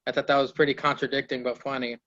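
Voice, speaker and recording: A man's voice: medium pitch, level tone, fast talker, pushed and bright, muffled recording. A man hosting a casual podcast, recapping wrestling in a loose, swearing play-by-play and mimicking the wrestlers. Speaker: podcast host.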